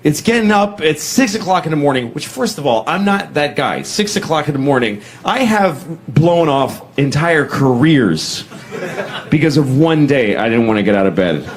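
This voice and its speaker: A man performing stand-up, delivering wry, deadpan complaints. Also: a little high, normal speed. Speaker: stand-up comedian. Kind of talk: stand-up routine.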